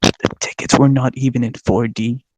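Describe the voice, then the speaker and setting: A young man, a podcast co-host, telling a story in casual chat, excitable and swearing a lot, laughing as he goes. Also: mid-range voice, normal speed, heavy background noise. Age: young adult.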